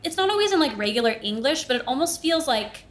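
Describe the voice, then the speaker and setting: A young woman with a high voice talks fast as she hosts a podcast. In a casual chat she tells a personal story, animatedly acting out the voices of the people she quotes.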